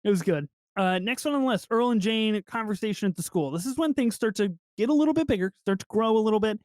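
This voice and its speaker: A man co-hosting a podcast in casual film review chat, excitable and swearing freely as he acts out movie lines. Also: sits high, fast, no echo. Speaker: podcast co-host.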